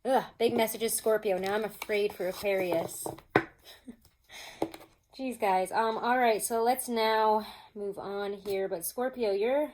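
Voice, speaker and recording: A woman giving a casual tarot reading at home, chatty and expressive, laughing often and throwing in mock-exasperated asides. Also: mid-range voice, slow pace, slight background noise. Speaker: tarot reader.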